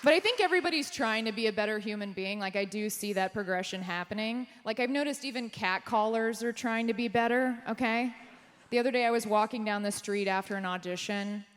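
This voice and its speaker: A woman performing a stand-up comedy set on a theater stage, delivering deadpan punchlines and jumping high for quoted voices. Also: clear, resonant tone. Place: theater stage before a live audience. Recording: live stage mic with hall reverb.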